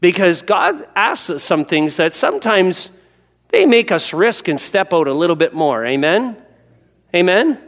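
A man preaching a sermon as pastor, animated, swinging between loud bursts and hushed storytelling. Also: sits high, measured pace, big-room sound.

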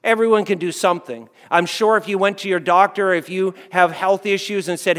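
A male pastor preaching in a loose, conversational way, repeating himself and checking in with the crowd. His voice sits high for a man. A long reverb trails each phrase around the hall. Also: steady tone, a little fast, hardly any pauses, fairly bright tone. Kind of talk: sermon.

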